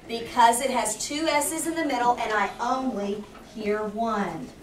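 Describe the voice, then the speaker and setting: A woman teaching a third grade spelling lesson, asking the class question after question and slowing down to explain each rule. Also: on the high side. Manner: patient, questioning, slows down to explain. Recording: roomy, distant, noisy classroom recording.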